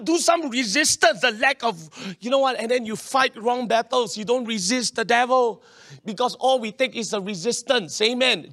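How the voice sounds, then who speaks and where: High-voiced pastor preaching. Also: male voice. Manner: animated, acts out quoted voices, swings between loud and quiet. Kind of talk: sermon.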